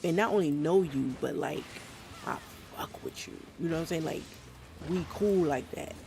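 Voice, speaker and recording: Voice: medium pitch, moderate pace, vocal fry, over music. A streamer chatting casually during a live gameplay session, with a slight Trinidadian accent, rambling frankly and swearing freely with many restarts. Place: home, South Florida.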